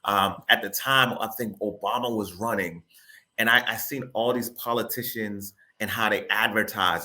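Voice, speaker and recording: A real estate broker from the Boston area, Massachusetts, tells his story as an interview guest, animated and casual, repeating words and using informal grammar. He speaks at a normal speed in a lowish voice.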